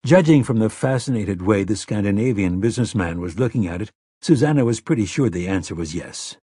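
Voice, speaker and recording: A man narrating an audiobook in a measured, expressive storytelling manner. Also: lowish voice, slightly rough, no echo, studio quality. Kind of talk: scripted narration.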